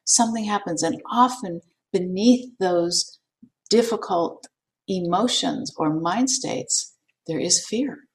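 Slow, low-voiced woman teaching meditation. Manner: gentle, unhurried, with frequent fillers and repeats. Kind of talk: dharma talk to an online class. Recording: voice distant from the mic.

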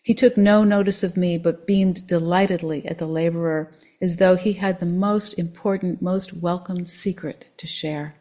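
Woman reading a story in a lowish voice. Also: steady tone, dark tone. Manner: dramatic, measured reading.

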